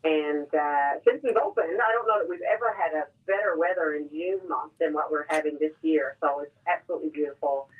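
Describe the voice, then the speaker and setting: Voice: medium pitch, fairly quick, few pauses, breathy edge. A chatty brewery guest with a thick Newfoundland accent talks over a tinny phone line. The guest is enthusiastic and often repeats words while hunting for the next thought. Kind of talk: casual radio interview. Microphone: telephone.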